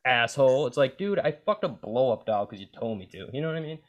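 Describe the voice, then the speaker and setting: A man's voice: mid-range voice, very animated, quick pace, a little mellow, muffled recording. A young man hosting a podcast, in crude casual chat, rambling and swearing, with "like" and "bro" in nearly every sentence. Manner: rambling, profane, says "like" and "bro" constantly. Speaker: podcast host.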